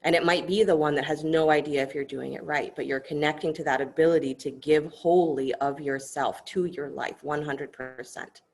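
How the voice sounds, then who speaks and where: Low, gravelly-voiced woman teaching yoga. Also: steady tone, normal speed, hardly any pauses, slight background noise. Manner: soft-spoken, gentle and instructive. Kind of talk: guided yoga class with storytelling. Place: online yoga class.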